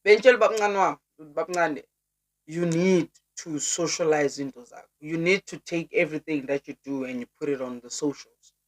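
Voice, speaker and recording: Young South African woman vlogger, lively, pushy-friendly, voice jumps high when keen. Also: fairly quick. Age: young adult. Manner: animated, urging, pitch leaps up high. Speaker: YouTuber. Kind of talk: casual vlog chat to viewers.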